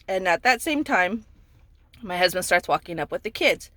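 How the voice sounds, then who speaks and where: A woman's voice: on the low side, animated, a little slow, a bit bright, no echo. A woman in her thirties, a mother from California, giving an emotional personal testimony and retelling dialogue as she goes. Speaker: mother telling her son's story.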